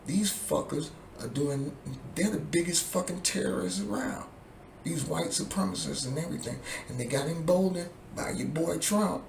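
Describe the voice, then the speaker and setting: A man's voice: a little high, normal speed, creaky, slight background noise. A man in a vlog, delivering an angry, profane political rant that keeps circling back to the same points. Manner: profane, heated, repetitive. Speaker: vlogger. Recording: echoey room with faint ambience.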